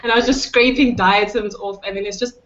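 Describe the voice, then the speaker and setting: A woman's voice: medium pitch, fairly even intonation, brisk, a bit bright. A woman introducing herself as a scientist on a video call, chatty and self-mocking with frequent laughter. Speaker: panel guest, scientist. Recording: dull lo-fi call audio.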